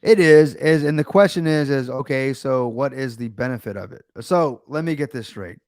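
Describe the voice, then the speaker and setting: A man's voice: medium pitch, normal speed, a little mellow, no echo. Ranting American man, dry close sound. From United States. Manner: ranting, sarcastic, many restarts. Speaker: livestream host. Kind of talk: casual livestream chat.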